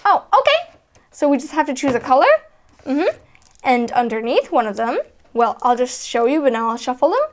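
A woman voicing little toddler girl dolls playing a board game, high and excitable, squealing when things go wrong. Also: normal speed. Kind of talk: doll play narration.

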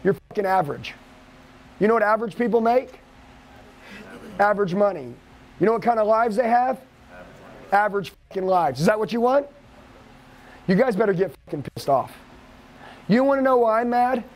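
A man's voice: high-pitched, expressive, moderate pace, pauses often. A man leading a live sales training seminar, lecturing with profane, aggressive hype. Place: training room with an audience.

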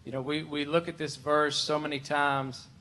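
A worship pastor preaching a conversational, emphatic sermon full of rhetorical questions. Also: male voice, fairly high pitch, flat delivery, normal speed. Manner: emphatic, shifts to loud pleading when voicing Martha.

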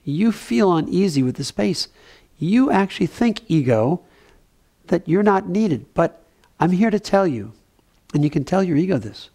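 A man giving a gentle, conversational mindfulness talk with playful asides. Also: high voice, very animated, measured pace, vocal fry. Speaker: spiritual teacher.

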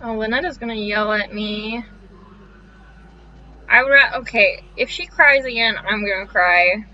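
A young woman streamer reads game text aloud and reacts in a jumpy, swearing way. Her voice is bright and a little high, and she speaks slowly. The audio is crunchy and lo-fi. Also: a little hiss or hum. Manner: swears freely, jittery and easily spooked. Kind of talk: let's-play commentary, reading game text aloud.

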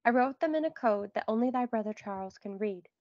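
A woman reading as a stern colonial father, grave and measured in his warnings. The recording is dry and a little dull in tone. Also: a little high, lively intonation, dry recording, close to an everyday voice.

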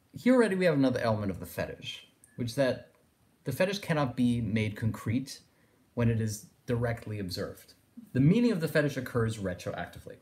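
Male lecturer, discursive and reflective, middle-pitched voice. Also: dark tone. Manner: discursive, thinking aloud with fillers like "in a sense". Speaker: philosophy lecturer. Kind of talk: recorded lecture.

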